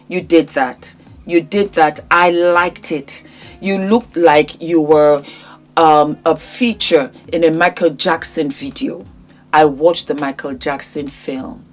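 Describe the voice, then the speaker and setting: A woman vlogger casually reviewing red-carpet fashion, effusive and repeating her praise, talking straight to the celebrities as "darling.". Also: low voice.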